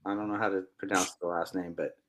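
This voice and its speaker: A man, a musician guest, giving opinionated views in a casual chat, halting and restarting his sentences. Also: sits low, flat delivery, heavy background noise.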